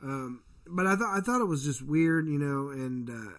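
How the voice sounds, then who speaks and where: A man's voice: fairly high pitch, animated, normal speed, fairly bright tone. Rambling, cussing man telling a story. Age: adult parent. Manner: profane, rambling storyteller, acts out quoted voices. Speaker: podcast co-host. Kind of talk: casual podcast chat.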